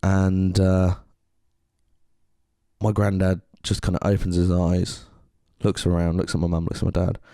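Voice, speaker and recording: A low-voiced English man co-hosting a casual podcast. He talks earnestly and rambles, restarting his sentences. The sound is dry and close to the mic. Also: monotone, unhurried, long pauses, dark tone, dry recording. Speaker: podcast co-host.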